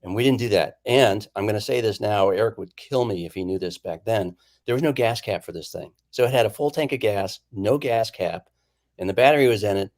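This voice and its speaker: With a lowish voice and a brisk pace, a painter guest shares a casual anecdote, bringing quoted lines to life with animated acting.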